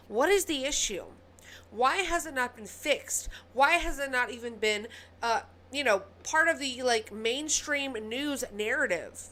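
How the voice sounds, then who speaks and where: A woman with a Southern US accent hosting casual news commentary, ranting heatedly and then quickly apologizing. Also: on the high side, pushed and bright.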